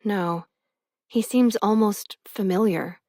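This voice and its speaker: A woman reading a first-person novel as an audiobook narrator, expressive and close to the mic. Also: mid-range voice, slow, no echo.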